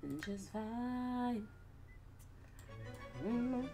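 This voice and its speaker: A woman's voice: sits low, expressive, measured pace, a little mellow, faint music behind. A young woman casually commenting on her life-sim gameplay with playful, slangy asides. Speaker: gaming YouTuber.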